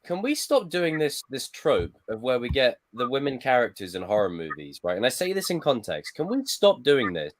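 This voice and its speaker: A man's voice: mid-range voice, big pitch swings, normal speed, hardly any pauses, slight background noise. A man co-hosting a casual podcast, arguing his opinions on films and storytelling. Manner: opinionated, argumentative. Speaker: podcast co-host. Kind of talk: casual movie discussion.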